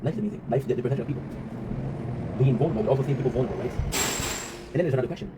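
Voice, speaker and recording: Rapid-talking man, rambling vlog monologue. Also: medium pitch. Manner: rambling, reflective, swears freely, often tags "right?". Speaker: vlog host. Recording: noisy ambient background.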